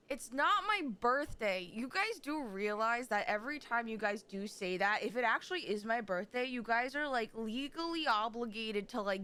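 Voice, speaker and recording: A young woman streamer chatting with her live chat in an excitable, dramatic way, rambling and restarting as she goes. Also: on the high side, smooth. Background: faint game music.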